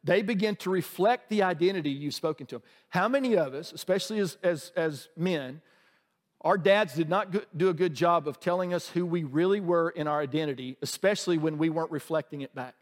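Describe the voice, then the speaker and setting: A male pastor with a high-pitched voice delivers a sermon to his congregation. He keeps it conversational and joking, tossing questions out to the room. His voice carries a long reverb tail from the church sanctuary. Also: a little fast.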